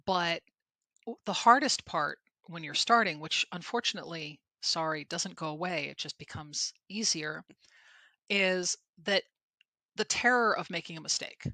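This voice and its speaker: A woman's voice: fairly low pitch, unhurried, pushed and bright, no room sound. A middle-aged woman co-hosting a podcast about presenting, talking in a candid, emphatic, self-deprecating way. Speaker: podcast co-host and presentation trainer. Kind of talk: conversational podcast chat.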